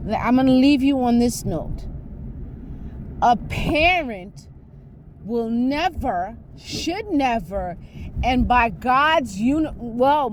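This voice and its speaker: Her voice is a little high and there's a slight hiss or hum as she talks. The New York woman rambles on emphatically in a casual monologue, repeatedly posing rhetorical questions.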